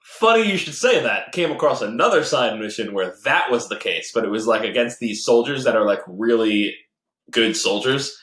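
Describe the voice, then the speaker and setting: A man's voice: mid-range voice, animated, normal speed, fairly bright tone. Rambling podcast man in an echoey room. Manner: rambling storyteller, many fillers and restarts, laughs often. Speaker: podcast co-host. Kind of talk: casual chat about games and movies. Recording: roomy echoey home recording.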